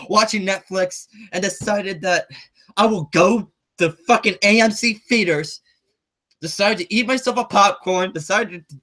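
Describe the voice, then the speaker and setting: A man hosting a comedy show, reading a news article aloud haltingly and then launching into a profane, stammering rant. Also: sits high, sharp tone. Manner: exasperated, profane, stammering with restarts. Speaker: comedic host.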